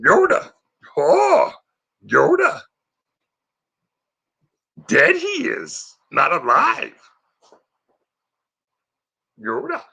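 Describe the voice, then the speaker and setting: A man doing a squeaky voice for a tiny ancient wise creature who speaks in inverted sentences. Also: wildly swooping pitch, extremely slow, creaky, pauses often, bright, forceful tone, exaggerated voice. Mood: silly.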